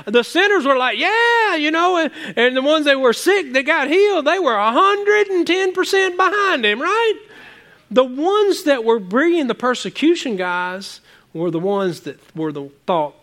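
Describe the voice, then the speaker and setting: At normal speed and in a very high-pitched voice, a man preaches as a pastor. His sermon rambles animatedly, with frequent repeated words and swings from loud cries to quiet asides.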